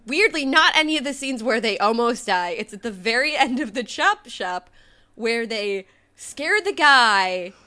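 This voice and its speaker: A woman co-hosting a podcast, retelling film scenes in animated, casual chat. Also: a little high. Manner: animated storytelling, quick asides. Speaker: podcast co-host.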